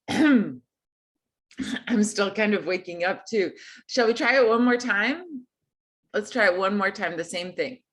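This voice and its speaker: A woman's voice: medium pitch, lively intonation, measured pace, pauses often, fairly bright tone. A woman teaching an online group singing lesson, friendly and encouraging in a casual way.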